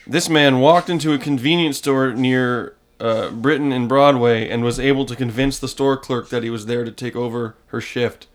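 A man's voice: medium pitch, steady tone, moderate pace, few pauses. A man co-hosting a casual comedy podcast, reading news items aloud and joking about them. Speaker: podcast co-host.

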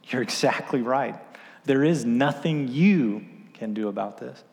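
A man's voice: medium pitch, measured pace, a little mellow, long reverb tail. A man in his thirties preaching a sermon, telling a story in a casual, conversational way with filler words. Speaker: pastor.

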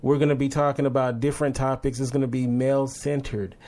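A male host running a relaxed talk show. He speaks in a friendly way, often stopping and restarting his sentences. His voice sits at a medium pitch. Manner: hesitant, halting, friendly. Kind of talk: casual chat.

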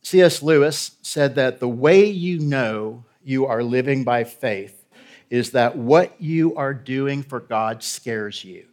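A man preaches a sermon as a guest pastor at a middle pitch. He talks to the congregation in a direct, conversational way and keeps checking that they are with him. His tone is emphatic and urging. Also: a little mellow.

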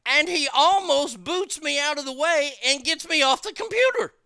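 A man's voice: very high-pitched, animated, moderate pace, vocal fry, pushed and bright, no echo. A man telling a story as a profane rant, stammering and repeating his words as he swears.

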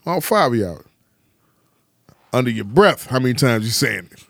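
A man's voice: medium pitch, big pitch swings, normal speed, vocal fry, fairly bright tone, no echo, studio quality. A man co-hosting a casual podcast, teasing the others with profane questions. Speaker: podcast co-host. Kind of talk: casual chat.

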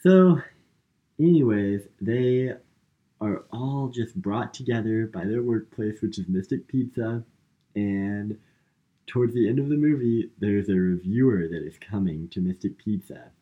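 Male podcast co-host, deep-ish and unhurried, loose filler-heavy recap. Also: warm tone, lo-fi sound. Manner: rambling, filler-heavy retelling with lots of "like" and "um". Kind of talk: casual movie recap chat.

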